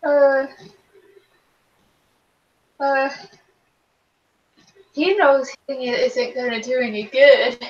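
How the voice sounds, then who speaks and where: Slow, hesitant woman player. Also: high-pitched, steady tone, lo-fi sound. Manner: hesitant, many fillers. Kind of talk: casual tabletop game play.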